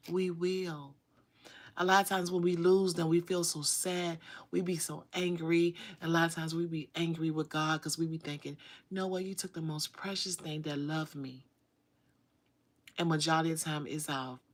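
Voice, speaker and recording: A middle-aged woman, chatting casually with viewers on her livestream in an animated, drawling way. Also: deep voice. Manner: animated, drawling, calls viewers baby and sugar. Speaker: livestream host.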